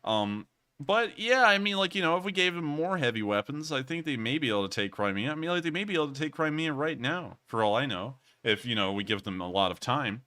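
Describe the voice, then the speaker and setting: A man's voice: medium pitch, sing-song, brisk, pushed and bright, clean tone. A man hosting a casual livestream Q&A, rambling and repeating stock phrases as he answers viewers. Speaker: host. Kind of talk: livestream commentary and Q&A.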